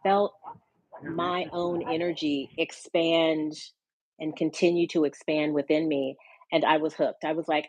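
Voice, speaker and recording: A woman speaking as a podcast guest, telling her story in a reflective, unhurried way over a video call. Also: low-pitched, little pitch movement, a little mellow, no room sound, rough recording. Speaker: podcast guest and hypnosis practitioner. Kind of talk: casual conversational interview.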